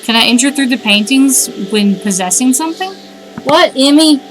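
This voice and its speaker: A woman's voice: high voice, lively intonation, moderate pace, low-quality recording. Chatty woman streaming a game. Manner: chatty, reacts out loud and talks to her cat. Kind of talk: live let's-play, reading game text aloud and chatting.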